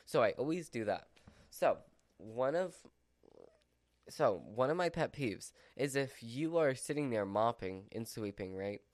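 A man's voice: medium pitch, expressive, unhurried, dry recording. A man vlogging from home in a rambling casual chat, full of "like" and "so" fillers. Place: at home with his dog. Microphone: mic within his dog's reach.

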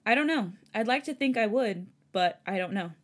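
A woman reading the lines of a remorseful young man who begs forgiveness in a fan story, quiet and subdued. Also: medium pitch, lively intonation, moderate pace, natural voice.

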